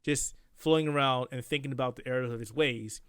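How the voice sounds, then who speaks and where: A man's voice: medium pitch, a little fast, clean tone, no echo. Man retelling a cartoon plot, dry-sounding. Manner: animated retelling, acting out characters' lines. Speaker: podcast co-host. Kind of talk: casual spoiler podcast chat.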